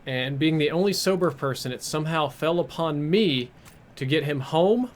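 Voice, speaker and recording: A man's voice: a little high, normal speed. Rambling man telling a crude story. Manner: rambling, crude, self-mocking. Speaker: game streamer. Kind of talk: casual storytelling while gaming. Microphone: headset.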